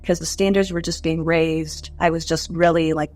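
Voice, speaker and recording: Lowish-voiced young woman telling her story. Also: little pitch movement, moderate pace, a little mellow. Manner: candid, conversational, many "like" fillers. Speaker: interview guest. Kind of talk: personal storytelling interview.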